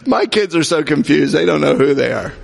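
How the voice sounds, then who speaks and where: A man's voice: a little high, animated, moderate pace, vocal fry. A man preaching a sermon, repeating aloud each answer called out by the congregation. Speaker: pastor. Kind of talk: sermon with audience call-and-response. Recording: echoey hall reverb.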